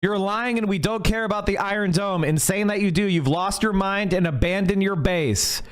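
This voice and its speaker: A male streamer tears into his subject in a heated political rant, angry and swearing as he gets worked up. His voice sits high for a man. He talks straight at his viewers from a home setup. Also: moderate pace, clean tone. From United States. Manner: angry, profane, fired up.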